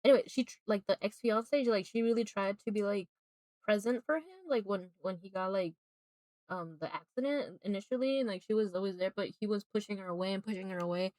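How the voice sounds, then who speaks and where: A woman's voice: medium pitch, brisk, a little mellow, no echo. Woman streamer rambling about a movie, says like constantly, laughs a lot, dry sound. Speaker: live streamer. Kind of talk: casual chat recapping a movie while drawing.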